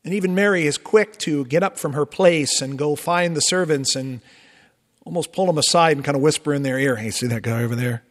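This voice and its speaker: A man's voice: a little high, brisk. A man, a Lutheran pastor, preaching a sermon with emphatic rises and conversational asides. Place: church sanctuary. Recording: long church reverb.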